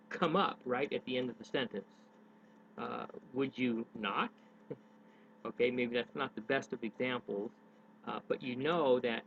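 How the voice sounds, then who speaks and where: A man giving unscripted advice on public speaking in a daily vlog, rambling and correcting himself with many hesitations. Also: medium pitch. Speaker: daily vlogger. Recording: tinny phone-like sound with faint noise.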